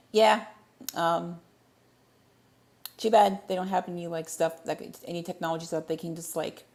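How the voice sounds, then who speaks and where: A woman with a slightly low voice chats through a livestream Q&A. She rambles, stumbles over her words and corrects herself as she goes. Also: little pitch movement, normal speed, long pauses, darkish tone. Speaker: livestream host. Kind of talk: casual livestream Q&A chat.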